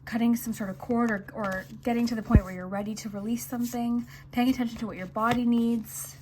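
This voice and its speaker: A woman's voice: fairly high pitch, fairly even intonation, a little fast, background noise. A woman giving a casual tarot card reading to viewers, talking in a chatty, reassuring way with lots of fillers. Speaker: tarot reader. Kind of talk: casual intuitive reading to camera.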